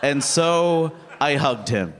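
Man, stand-up comedian, animated storytelling, mimics people, faint room noise, long hall reverb. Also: on the high side, slow.

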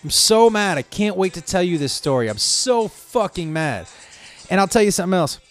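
A man's voice: high-pitched, big pitch swings, moderate pace. A man delivering an angry, profanity-heavy, stream-of-consciousness rant to his viewers. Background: faint music playing.

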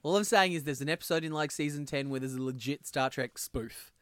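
An Australian man in a casual podcast chat, his voice bright and a bit high. He tells stories in an animated way and laughs often. The recording is dry and close. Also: brisk, smooth, dry recording. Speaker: podcast co-host.

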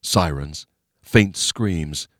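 A male narrator with a very deep voice, reading in a steady, measured way. He sits close to the mic in a dry, dead room. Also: no echo. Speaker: audiobook narrator. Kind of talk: scripted narration.

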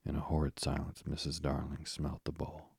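A man reading a classic children's book aloud in a soft, soothing bedtime narration. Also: very deep voice, monotone, moderate pace, vocal fry, slightly rough, dry recording, clean studio sound. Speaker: bedtime storyteller. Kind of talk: slow soothing sleep-story narration.

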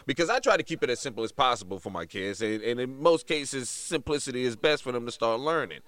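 A middle-aged man telling a story on a podcast in a casual, animated way, slipping into other voices to act out quotes. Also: mid-range voice, fairly quick, hardly any pauses, no echo. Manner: animated, mimics voices in quotes, laughs often. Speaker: podcast co-host.

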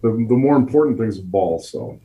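A man who coaches college offensive line, guesting on a podcast, speaking in a halting way with repeated words and restarts. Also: fairly low pitch, animated, dark tone, low-quality recording. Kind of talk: casual podcast chat.

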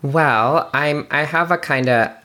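A woman co-hosting a podcast as its historian, husky and hoarse from laryngitis after the flu, chatty and wry. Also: low-pitched, takes it slowly, pushed and bright. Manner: chatty, self-deprecating, wry. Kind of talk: casual chat.

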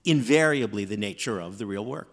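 A man in his fifties tells self-deprecating stories with animated, lively timing. His voice rings with the long reverb of a theater hall. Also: lowish voice, brisk. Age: 50s. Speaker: author guest. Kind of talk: live stage interview. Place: theater stage before live audience.

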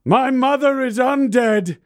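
A man voicing a young warrior who proclaims himself king and rallies a mob with a slow, shouted war speech in a tabletop game. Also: very high voice, voice pushed up. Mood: defiant. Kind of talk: tabletop game role-play.

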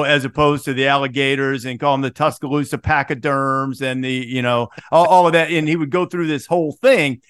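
A man's voice: medium pitch, fairly bright tone, smooth, dry recording. Brief: middle-aged male podcast host, wry and teasing, dry close sound. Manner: wry storyteller, teasing co-hosts. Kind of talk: sports podcast chat.

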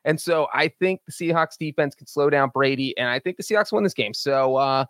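A man's voice: a little high, a little fast, few pauses, fairly bright tone, no echo, studio quality. A man co-hosting a sports betting show, giving confident, plain-spoken picks in casual chat. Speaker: sports betting podcast co-host.

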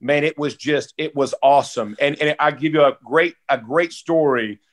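A man in his forties telling stories with a slightly higher voice than most men. He is laid-back and heartfelt, and keeps dropping "bro" and "dude". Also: moderate pace. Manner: heartfelt, close to tears. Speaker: guest, former football player. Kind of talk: casual podcast storytelling.

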